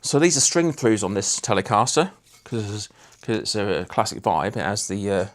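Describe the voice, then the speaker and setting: A man's voice: lowish voice, moderate pace. A man hosting a casual livestream, chatting and teasing viewers while he works on a guitar. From Lincolnshire, England. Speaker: livestream host.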